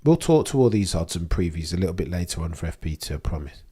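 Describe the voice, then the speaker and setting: A man's voice: sits low, big pitch swings, fast talker, warm tone, slightly rough. A young man hosting a live watchalong, talking in a rambling, opinionated way and often restarting his sentences. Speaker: livestream host. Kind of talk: casual live commentary.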